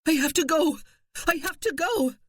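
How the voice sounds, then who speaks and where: A terrified young noblewoman stammers and wails in a high, strained voice that sits far above the narration. The reading is dry and close, with no room around it. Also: lively intonation, moderate pace, fairly bright tone, no echo. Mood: panicked. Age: young adult. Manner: stammering, panicked, wailing.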